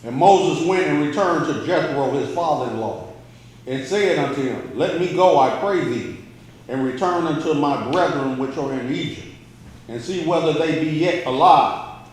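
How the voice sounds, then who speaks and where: A man reading a scripture passage aloud in a plain, even way. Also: a little high, moderate pace. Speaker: scripture reader. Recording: very echoey room.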